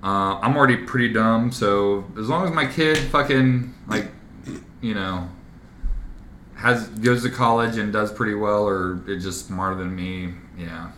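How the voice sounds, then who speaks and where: A man's voice: fairly low pitch, measured pace, a bit bright, a little hiss or hum. A man in his thirties hosting a casual podcast, playful and teasing, often laughing. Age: 30s. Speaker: podcast host. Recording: echoey room.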